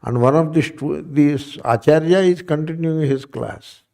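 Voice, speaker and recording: A man's voice: on the high side, measured pace, gravelly, a little mellow. A man giving a spiritual class lecture as a Vedanta teacher, repeating points and checking in with his listeners. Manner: repetitive, asks the listeners questions.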